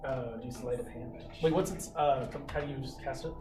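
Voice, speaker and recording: A man running a tabletop game as game master, quick and laughing as he explains the rules. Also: medium pitch. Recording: echoey room, far from mic, music.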